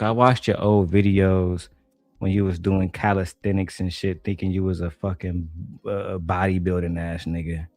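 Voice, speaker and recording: A man's voice: low-pitched, a little mellow, no room sound. A man from Detroit reacting to a debate on his stream, ranting bluntly and with heavy profanity.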